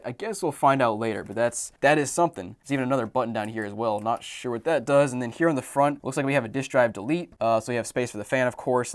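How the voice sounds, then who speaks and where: A man giving casual, excitable commentary as he unboxes and tests game consoles. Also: medium pitch, no echo. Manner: excitable, quick reactions and exclamations. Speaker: tech YouTuber reviewing consoles.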